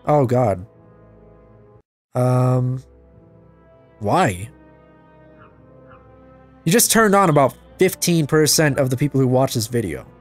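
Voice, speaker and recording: A young man giving casual, self-mocking commentary over his gameplay, his voice jumping high when things go wrong. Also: animated, slow, pauses often. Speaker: gaming channel host. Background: game music and gunfire.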